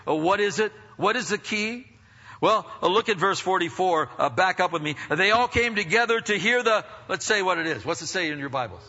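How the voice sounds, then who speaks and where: A man preaching a sermon as pastor, energetic and emphatic, with many restarts and questions to his congregation. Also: high-pitched, brisk. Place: church sanctuary. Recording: dull reverberant church hall recording.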